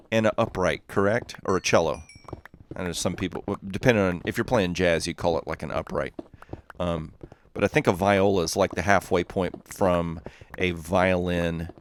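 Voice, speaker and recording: A man with a Southern Texas accent talks casually through a gaming livestream, his voice sitting a little low. He rambles through stories and stops to read viewer messages aloud and answer them. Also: a little hiss or hum. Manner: rambling, chatty, reads viewer chat aloud. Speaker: streamer.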